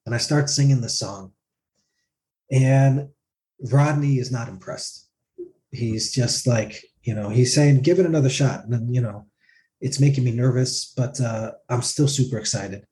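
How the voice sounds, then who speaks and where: Speaking a little slowly at medium pitch, a male singer animatedly tells a story in a casual interview. He acts out others' lines, voicing what they said in quotes.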